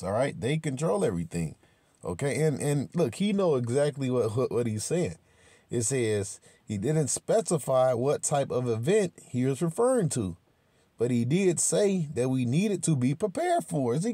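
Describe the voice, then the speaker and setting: Man, mellow voice, dry sound, fiery, repetitive, profane street-style scripture commentary. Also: medium pitch, very animated, no room sound. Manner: repetitive, emphatic, profane, many restarts; slows down to read verses aloud. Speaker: religious commentator.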